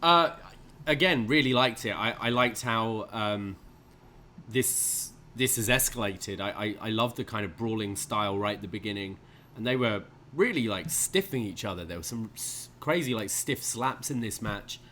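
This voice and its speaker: A man's voice: fairly low pitch, normal speed, pushed and bright. Hesitant male podcast co-host, faint noise. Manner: hesitant, many fillers and restarts, laughs. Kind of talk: casual chat.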